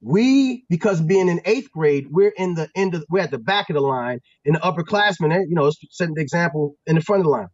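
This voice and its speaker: A man from Pennsylvania, a former football player and guest, telling stories in a casual, animated, slangy way with lots of restarts. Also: on the high side, fast, hardly any pauses, dry recording, muffled recording. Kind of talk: casual storytelling.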